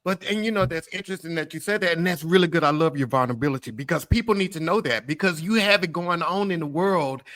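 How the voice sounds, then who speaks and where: A man hosting a podcast who asks questions in a relaxed, casual way and often says "like" and "yeah". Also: a little high, fast, hardly any pauses. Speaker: podcast host. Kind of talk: casual interview.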